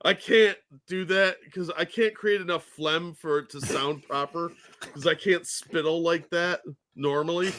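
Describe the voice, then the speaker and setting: A man's voice: a little high, steady tone, measured pace, fairly bright tone. A man co-hosting a podcast in casual chat, mocking and nerdy, often laughing. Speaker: podcast co-host.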